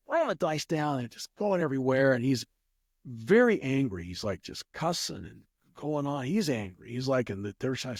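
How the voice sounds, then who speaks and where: A man's voice: mid-range voice, lively intonation, moderate pace, a little mellow, dry recording. Rambling male storyteller, dry sound. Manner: rambling, many restarts, acts out voices. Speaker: guest, craps player. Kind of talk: casual anecdote in an interview.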